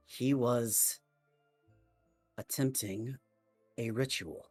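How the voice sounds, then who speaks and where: A man voicing a stern male wizard who slowly recounts his past in measured phrases with long pauses. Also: lowish voice, darkish tone, husky, dry recording. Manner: slow, measured storytelling with pauses.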